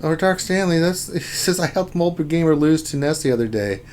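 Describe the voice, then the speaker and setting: A man hosting a casual gaming livestream, talking through his game, with loud exclamations and laughter. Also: a little high, lively intonation, a little fast, a little hiss or hum. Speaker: livestream host.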